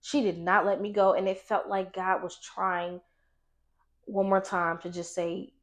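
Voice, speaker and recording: A woman in her twenties giving a candid, emotional personal testimony, halting at times and restarting her sentences. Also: mid-range voice, flat delivery. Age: 20s. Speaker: vlogger.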